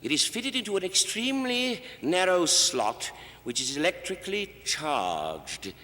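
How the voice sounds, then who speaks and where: A man with a fairly high, bright voice performs a comic monologue as one side of a conversation. He is relentlessly deferential, calling his listener sir, and he stammers through nervous restarts with a lively, swooping pitch. Long hall reverb from a 1960s television stage hangs on every line. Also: unhurried. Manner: overly polite and deferential, calls the listener sir. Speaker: comedian.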